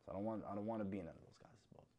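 Male podcast host, lower voice, profane and blunt, casual rant. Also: fairly even intonation, very fast, dull audio. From United States.

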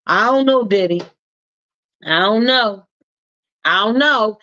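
A woman radio host talks through the news in a loose, slangy way, leaning on her words for emphasis. Her voice sits at an ordinary pitch, recorded close and dry. The sound is dull and lo-fi. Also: pushed and bright, dry recording. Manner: chatty and slangy, with drawn-out emphasis. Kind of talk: casual commentary on celebrity news.

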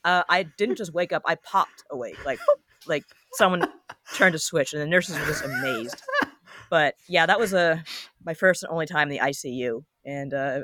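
A woman's voice: sits low, moderate pace, fairly bright tone, no echo. Woman telling a story with dry humor, dry sound. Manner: storytelling with wry humor and laughs. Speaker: podcast co-host. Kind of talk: casual podcast chat.

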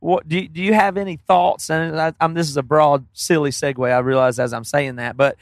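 A man's voice: on the high side, steady tone, a little fast, no echo. A man co-hosting a podcast with dry, joking sarcasm in casual chat. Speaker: podcast co-host.

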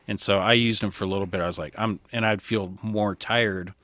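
Casting: young adult man, low voice, candid storyteller, dry close mic. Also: steady tone, fairly quick, fairly bright tone, no room sound. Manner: candid, conversational, quoting others as he tells it. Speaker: podcast guest, firefighter. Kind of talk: casual storytelling.

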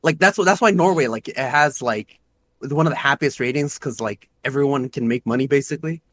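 A man's voice: mid-range voice, fairly quick, fairly bright tone, no echo. A young man in casual chat, talking loosely with many "like" fillers. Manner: filler-heavy, says "like" constantly.

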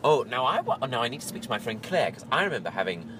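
A man's voice: medium pitch, sing-song, fast talker. A man co-hosting a casual chat from the passenger seat of a car, making dry, sardonic quips. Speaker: podcast co-host. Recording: car road noise.

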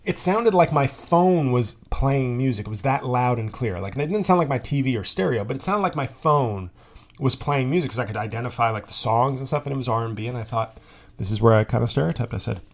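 Male podcast host, middle pitch, loose rambling comic monologue with tangents and restarts. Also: expressive, brisk. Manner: rambling, tangent-prone, with frequent fillers and restarts. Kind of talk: comedic monologue.

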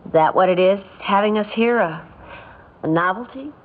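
An actress playing a quiet, weary young mother who speaks softly and hesitantly in an old radio drama. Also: medium pitch, normal speed, lightly acted. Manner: soft-spoken, hesitant. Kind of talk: 1950s radio drama acting. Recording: tinny old radio broadcast with faint hiss.

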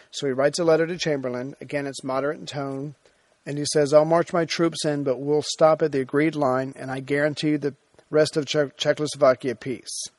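Brief: male history lecturer, slightly high voice, relaxed storytelling delivery with ums and restarts, dry close sound. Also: no echo. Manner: conversational retelling with fillers and restarts.

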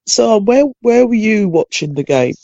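A woman hosting a podcast in casual chat, her voice croaky from a cold, often restarting her phrases. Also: mid-range voice, animated, moderate pace, dark tone, no echo, highs cut off. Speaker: podcast host.

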